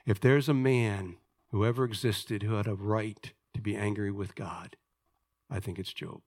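A man preaching a sermon as a pastor, telling a story and swinging from hushed asides to loud, emphatic points. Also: lowish voice, steady tone, moderate pace.

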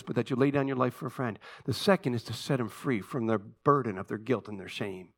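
A man preaching a sermon to his church, swinging between hushed, slow passages and emphatic, animated ones. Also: medium pitch. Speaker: pastor.

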